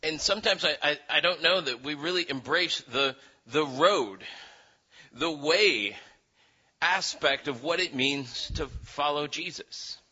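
Bright-voiced man preaching a sermon. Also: fairly high pitch, unhurried, breathy edge, muffled recording. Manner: animated storytelling with voiced quotes, frequent restarts.

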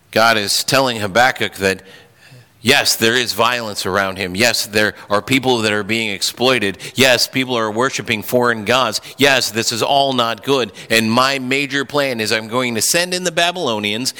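A man's voice: mid-range voice, pushed and bright. A man preaching a sermon earnestly, with frequent restarts and fillers. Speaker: pastor. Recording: hall reverb.

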